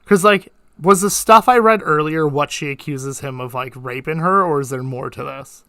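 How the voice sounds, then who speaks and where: Male streamer host, slightly high and bright, rambling and profane. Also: moderate pace, smooth, dry recording. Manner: rambling, full of "like" fillers and swearing. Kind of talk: casual livestream chat.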